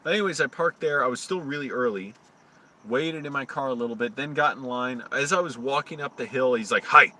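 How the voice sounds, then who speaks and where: Rambling male live-streamer outdoors, bright voice. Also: brisk. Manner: rambling anecdotes, restarts, rises high when retelling arguments. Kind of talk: casual live-stream storytelling.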